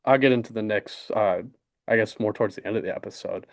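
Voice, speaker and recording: A man's voice: fairly low pitch, quick pace, creaky. A young man, co-hosting a podcast in casual, rambling sports chat full of fillers and restarts. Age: young adult. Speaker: podcast co-host.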